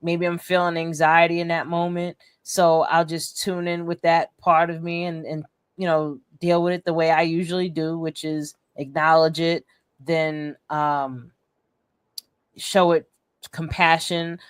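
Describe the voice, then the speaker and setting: A woman's voice: low-pitched, level tone, measured pace, smooth, no echo, clean studio sound. A young woman co-hosting a casual chat, earnest and supportive, with slangy talk and frequent "like.". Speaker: co-host, emotional wellness teacher.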